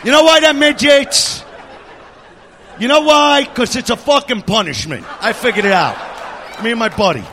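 A man's voice: extremely high pitch, animated, normal speed, pauses often, pushed and bright, some chatter behind, slight background noise. A man doing a profane, abrasive stand-up rant on a comedy club stage.

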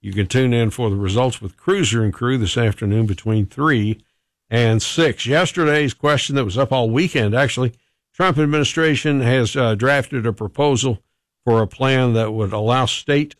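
A man's voice: mid-range voice, moderate pace, no echo, studio quality. A man hosting a morning radio show, chatting casually, laughing often and reading out listener texts.

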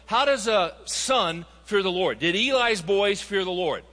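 A man's voice: high-pitched, animated, measured pace, sharp tone, big-room sound. A man preaching a sermon, telling stories and rising to emphatic appeals to his listeners. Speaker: pastor.

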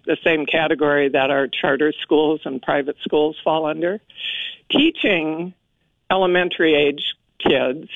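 A woman calling into a talk radio show, speaking in a halting, indignant way over a phone line. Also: low voice, no room sound. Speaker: caller.

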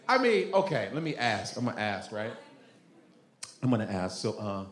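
Man, stand-up comedian, loud and animated, crowd work, swooping pitch. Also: moderate pace. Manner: loud, animated, mimics parents' voices.

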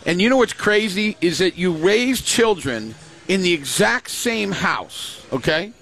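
A man's voice: sits high, animated, a little slow, creaky, fairly bright tone. An older man, a grandfather, chatting casually on a show and telling family stories, acting out the voices he quotes. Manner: storytelling, acts out quoted voices. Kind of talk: casual chat.

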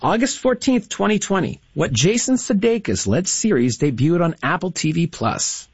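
A man's voice: sits high, lively intonation, moderate pace, slightly rough, dry recording. A man hosting a radio call-in trivia quiz, chatty and encouraging with the callers. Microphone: studio broadcast mic. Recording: slightly dull, dry studio mic.

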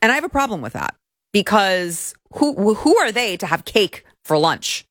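Sarcastic woman host, lively delivery. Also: mid-range voice, moderate pace, dry recording, clean studio sound. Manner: sarcastic, indignant, animated. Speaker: commentary show host. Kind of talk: opinionated political commentary.

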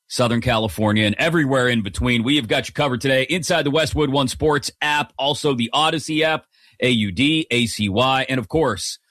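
Sports radio guy, energetic host talk, dry studio mic, mid pitch. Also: no echo. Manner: upbeat, energetic broadcaster delivery. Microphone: studio broadcast microphone.

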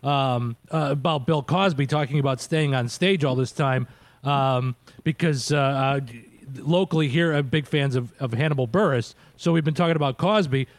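A man's voice: medium pitch, normal speed, dry recording. A man hosting a casual interview, a comedian himself, chatting and asking eager questions. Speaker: host and comedian.

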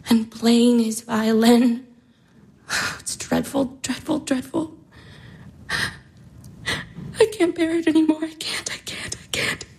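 A woman's voice: fairly high pitch, darkish tone, slightly rough, rough recording. An actress in her twenties playing a despairing young woman, anguished, sighing and whispering. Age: 20s. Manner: anguished, breaking into sighs and whispers. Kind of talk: stage drama acting.

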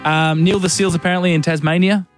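A man's voice: a little high, steady tone, fast, soft background music. A man hosting breakfast radio and running a quiz, ribbing his co-host in a dry, exasperated way. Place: radio studio.

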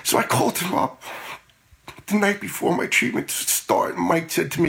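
Gravelly middle-aged man telling his story. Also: high voice, wildly swooping pitch, moderate pace, fairly bright tone. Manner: plain-spoken, earnest, repeats words as he goes. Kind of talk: personal storytelling.

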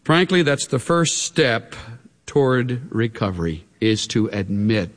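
A male preacher delivers a dramatic sermon at an ordinary pitch. His intonation rises and falls widely, and he sometimes sinks to a hushed tone. His voice carries a long reverb, as in a large hall. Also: big pitch swings, a little slow. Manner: emphatic, dramatic, with sudden drops to hushed tones.

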